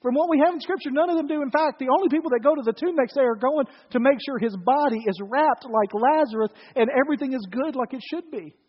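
High-voiced preacher in a reverberant hall. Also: male voice, fast, few pauses, husky. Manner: dramatic storytelling, swinging from loud to hushed. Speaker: pastor. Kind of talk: sermon. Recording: dull audio with long reverb.

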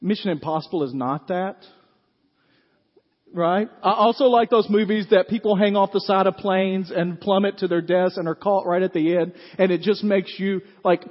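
A man's voice: sits high, long reverb tail, lo-fi sound. A middle-aged man, preaching a folksy sermon to his congregation and checking in with them often with "right?". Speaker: pastor. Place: church sanctuary.

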